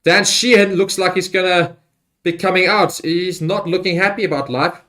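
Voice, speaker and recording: A man hosting a live rugby watchalong, talking loosely with many fillers and getting excited on big plays. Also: high-pitched, moderate pace. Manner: rambling with fillers and restarts. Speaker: livestream host. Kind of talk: live match watchalong commentary.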